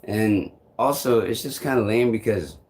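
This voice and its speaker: A man's voice: lowish voice, moderate pace, darkish tone. A man vlogging, telling a long frustrated story in a rambling, profane way. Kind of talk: casual storytelling to camera.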